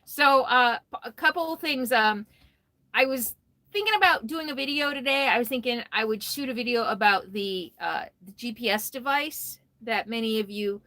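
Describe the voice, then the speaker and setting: A woman's voice: on the high side, moderate pace, pushed and bright, no room sound. A tired woman hosting a casual RV livestream from her phone, chatty, greeting viewers by name and laughing often. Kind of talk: casual live stream chat. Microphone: phone held close.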